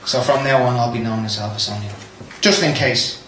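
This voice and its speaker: An Irish comedian works the crowd in a small basement venue, teasing the audience and swearing freely. His mid-range voice is a bit bright and a little fast. The room is echoey, with faint background noise.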